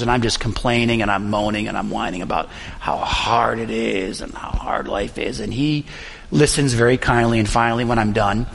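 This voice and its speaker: Young pastor with a gravelly voice. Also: male voice, mid-range voice, a bit bright, big-room sound. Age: young adult. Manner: earnest, personal storytelling with frequent pauses. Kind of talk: sermon.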